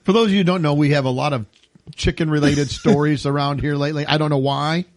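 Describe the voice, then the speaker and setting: A man's voice: a little high, fairly even intonation, no room sound, studio quality. A man in his fifties from the American Midwest, co-hosting a casual comedy podcast with wry jokes. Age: 50s. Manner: wry, does quick jokey voices. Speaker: podcast co-host.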